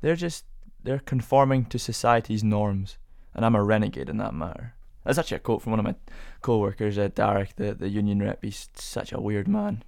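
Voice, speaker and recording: A man's voice: fairly low pitch, animated, a little fast, creaky, few pauses, darkish tone, dry recording, clean studio sound. A young man hosting a casual solo podcast, rambling through rhetorical questions with self-amused musing. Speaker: podcast host.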